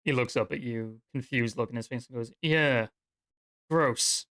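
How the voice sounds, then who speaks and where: A man narrating a tabletop game as game master in a relaxed, rambling way, sprinkled with fillers. His voice is smooth and clean, recorded dry and close. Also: medium pitch, fast, no room sound.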